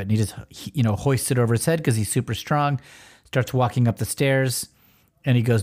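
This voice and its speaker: A man co-hosting a casual podcast, walking through a comic and acting out its lines in quick voices. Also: medium pitch, steady tone, darkish tone. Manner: retells panels, reading out lines in quick voices. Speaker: podcast co-host. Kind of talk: casual chat about a comic.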